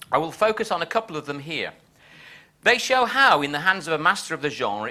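Man, academic lecture, measured and explanatory, bright voice, lively pitch.

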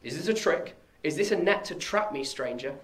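A man's voice: on the high side, animated, moderate pace, voice pushed up, natural voice. A man voicing a wary, grieving young woman as he reads a stage scene aloud, with a suspicious, pleading manner. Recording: echoey room.

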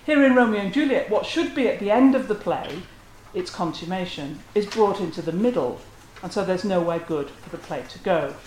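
A lecturer talks through a literary analysis in a measured, scholarly way, at a mid-range pitch. The voice rings out in a roomy space, and a faint hiss sits underneath. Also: animated, a little mellow. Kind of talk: academic lecture. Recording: roomy echo.

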